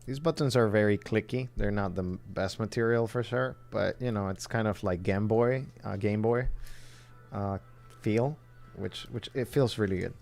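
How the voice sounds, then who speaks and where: A man's voice: lowish voice, moderate pace, creaky, darkish tone. A man from the southern United States chatting casually on a livestream while building a phone kit, rambling and thinking aloud as he works.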